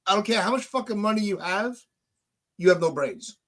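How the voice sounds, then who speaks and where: A man's voice: high voice, lively intonation, fairly quick, fairly bright tone. Frustrated male podcast host. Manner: frustrated, repetitive restarts, profane. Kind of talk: heated casual podcast chat.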